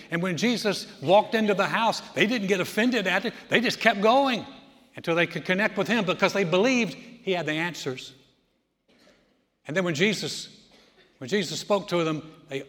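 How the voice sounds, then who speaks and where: A man preaching a sermon, telling the story with animated voices for the people in it. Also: sits high, in a large hall. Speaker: pastor.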